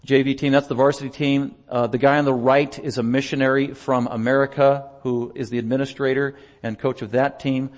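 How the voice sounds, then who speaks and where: A male pastor chatting through a slideshow report during a church service, telling stories in an animated way and laughing often. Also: mid-range voice, a little fast, few pauses. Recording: long reverb of a large hall.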